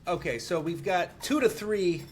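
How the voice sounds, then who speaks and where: A man with a slightly raised voice hosts a podcast in a measured, gently probing therapist manner. He is recording from a room in a shared home, with a faint hum of noise behind him. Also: sits high, animated. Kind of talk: casual podcast chat.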